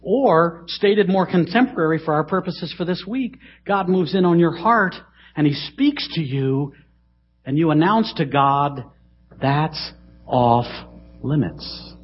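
A middle-aged man preaching a sermon in a church, dramatic, swinging between loud emphasis and hushed asides. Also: fairly high pitch, animated, a little slow, breathy edge. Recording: dull, lo-fi sermon recording.

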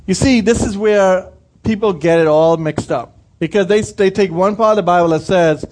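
A man's voice: high voice, normal speed, darkish tone. A young male pastor giving a sermon in a conversational way, asking the congregation questions and acting out the voices of people he quotes.

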